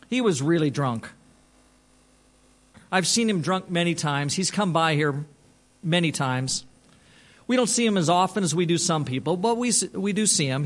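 A pastor tells a story during his sermon in a conversational manner, frequently restarting his phrases. His male voice sits high.

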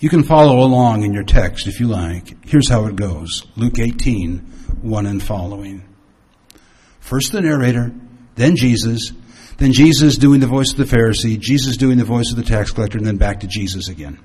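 A man preaching and teaching with storytelling. He swings his pitch and volume for dramatic effect. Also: moderate pace, a little mellow, slightly rough. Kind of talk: sermon-style teaching.

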